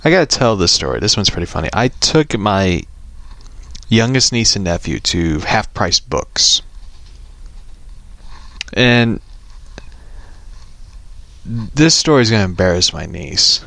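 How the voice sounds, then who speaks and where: Slow-talking man who laughs through stories. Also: fairly low pitch, big pitch swings, gravelly, pushed and bright, dry recording. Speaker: host. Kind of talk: casual storytelling and reading aloud.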